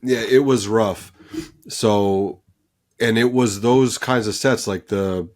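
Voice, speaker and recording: A low-pitched man chatting casually as a podcast co-host. He rambles and laughs at himself, with plenty of fillers along the way. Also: steady tone, slow pace, darkish tone. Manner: rambling, self-deprecating, lots of fillers. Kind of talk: casual chat.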